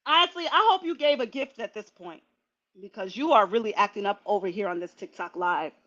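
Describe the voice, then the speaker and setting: Woman, casual livestream chat, bright voice, lo-fi dull audio. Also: mid-range voice, fairly quick. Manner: chatty, animated, laughing asides. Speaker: livestream host.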